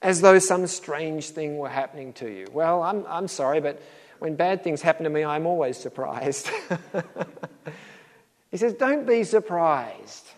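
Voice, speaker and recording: A man's voice: a little high, measured pace, pauses often, big-room sound. A middle-aged man preaching a sermon in a conversational way, acting out little dialogues with a chuckle. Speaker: pastor.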